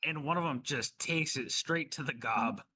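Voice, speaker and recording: A man's voice: mid-range voice, moderate pace, bright, forceful tone, husky. A man narrating as game master in a casual tabletop game session, describing actions and tallying damage. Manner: casual, descriptive, tallies dice aloud.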